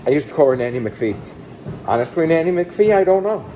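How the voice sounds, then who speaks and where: A man in his thirties telling his own life story in a blunt, casual way. He swings between excited outbursts and quiet, low asides. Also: fairly quick, slight background noise, rough recording. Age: 30s. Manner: blunt and casual, with some swearing. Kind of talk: candid personal storytelling.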